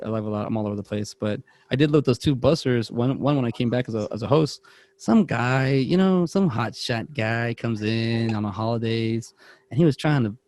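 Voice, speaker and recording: The recording is dry, and the man's voice sits at a medium pitch. He co-hosts a podcast, where he rambles animatedly through a lengthy work anecdote in casual chat, breaking off mid-thought and voicing the characters he quotes.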